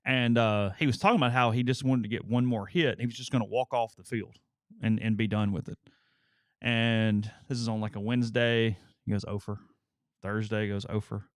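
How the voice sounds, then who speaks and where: A man co-hosting a sports talk show, reading ads and telling a rambling, animated story in casual chat. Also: on the low side, moderate pace, smooth, no echo, clean studio sound. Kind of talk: casual chat and live ad reads.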